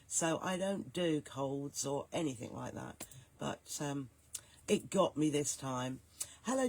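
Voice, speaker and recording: A woman hosting a live stream, hoarse and gruff from a cold, chatting and greeting viewers by name. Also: deep voice. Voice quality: soft, growly, gruff. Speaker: host.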